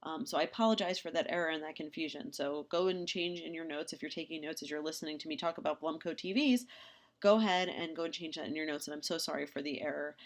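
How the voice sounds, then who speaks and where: A woman's voice: sits low, fast. A woman recording a slide lecture, casual and chatty, with frequent ums and restarts, acting out quoted dialogue in her examples.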